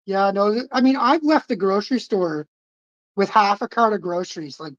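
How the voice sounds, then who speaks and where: A woman's voice: mid-range voice, normal speed, dry recording. A woman in casual podcast chat, frank and profane, laughing easily. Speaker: podcast co-host. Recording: dull lo-fi audio.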